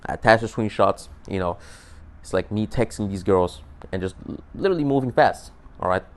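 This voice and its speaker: A man's voice: fairly low pitch, a little fast. Dude ranting about girls on his vlog, swears a lot, keeps restarting his sentences, really emphatic. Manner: profane, rambling, repeats and restarts words; animated, emphatic. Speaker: dating advice vlogger. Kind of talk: casual storytelling monologue.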